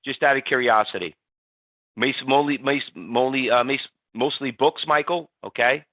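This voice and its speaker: A man hosting a live trading webinar, talking in an energetic, chatty way and reading out audience answers by name. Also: mid-range voice, moderate pace, no room sound. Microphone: computer mic on a webinar stream. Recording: dull, slightly lo-fi webinar audio, dry.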